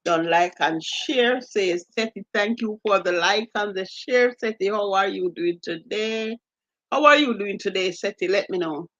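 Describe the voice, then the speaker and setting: Jamaican lady on a livestream reading the chat out loud, greeting folks one by one, dry kinda dull lo-fi audio. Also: medium pitch, a little slow, no echo. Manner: reads out viewer comments and greets each viewer by name. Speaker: livestream host. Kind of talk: live stream chat reading.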